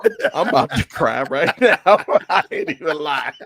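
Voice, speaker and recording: A man's voice: on the high side, very animated, normal speed, a bit bright, dry recording. Laid-back man chatting casually. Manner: laid-back, brief reactions. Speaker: podcast co-host. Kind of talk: casual chat.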